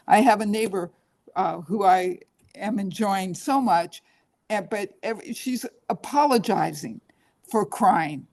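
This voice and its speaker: A woman's voice: medium pitch, unhurried, darkish tone. A woman therapist being interviewed, talking earnestly and coaching, often acting out her clients' inner voices. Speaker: guest therapist. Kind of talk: interview conversation.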